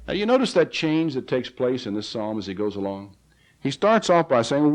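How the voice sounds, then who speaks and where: A man's voice: a little high, sing-song, moderate pace, rough recording. A man preaching a sermon in an earnest, plain way. He reads scripture aloud and rises to pleading cries in a recording from the 1980s.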